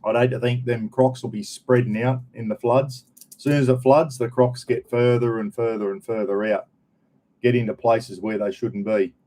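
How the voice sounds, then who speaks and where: A man's voice: mid-range voice, fairly even intonation, normal speed, dark tone, slight background noise. Laid-back Queenslander chatting to viewers. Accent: North Queensland Australian. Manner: laid-back, rambling, broad colloquial slang. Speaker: vlogger. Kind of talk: casual chat to live viewers. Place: home, indoors.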